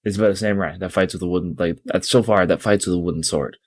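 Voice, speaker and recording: A man's voice: deep voice, fairly even intonation, very fast. A young man co-hosting a podcast, telling a rambling, tired story with lots of swearing. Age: young adult. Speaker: podcast co-host. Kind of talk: casual podcast chat.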